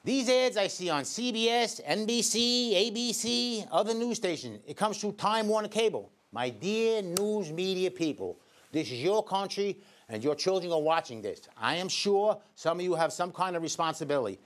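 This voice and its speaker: New electrician host, high-pitched voice, sarcastic editorial rant. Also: male voice, lively intonation, normal speed. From Staten Island, New York. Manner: indignant, sarcastic, addresses people directly. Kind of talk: scripted editorial commentary.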